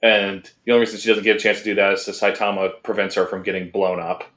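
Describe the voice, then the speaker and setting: A man's voice: lowish voice, flat delivery, quick pace, fairly bright tone, roomy sound. A man co-hosting a casual anime review podcast, talking in a rambling, hesitant way with many fillers and restarts. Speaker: podcast co-host.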